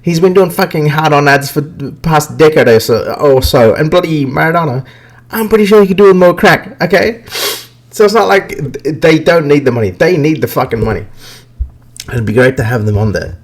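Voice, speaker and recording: A man's voice: on the high side, expressive, normal speed. A man hosting a podcast, ranting bluntly and profanely about video games in casual talk. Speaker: podcast host. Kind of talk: casual gaming rant.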